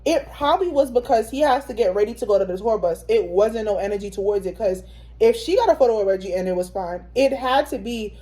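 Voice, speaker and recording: A woman's voice: medium pitch, quick pace, warm tone. A young woman co-hosting a vlog, chatting casually and telling a slangy story with quotes. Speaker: vlog co-host. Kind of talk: casual chat.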